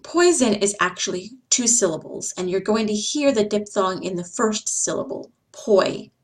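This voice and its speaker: A woman giving a slide-based phonics lesson, speaking deliberately and repeating each example sound. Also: medium pitch, lively intonation. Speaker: English teacher.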